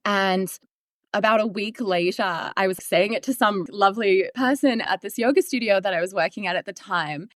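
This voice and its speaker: A woman in her thirties, a podcast guest telling her story in a casual, animated way, laughing often and acting out what she once said. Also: mid-range voice, moderate pace, no room sound, studio quality.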